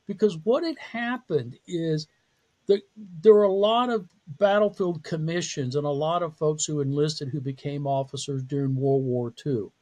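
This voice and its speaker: Here a psychology professor talks about his career as a podcast interview guest, candid and self-deprecating, with plenty of laughs. He speaks at a moderate pace in a fairly high, slightly mellow voice.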